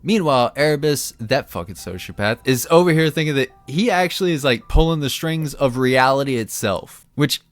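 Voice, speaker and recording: A man's voice: mid-range voice, expressive, moderate pace, few pauses, dry recording. A man ranting about fantasy lore in a sarcastic, profane, comedic commentary style.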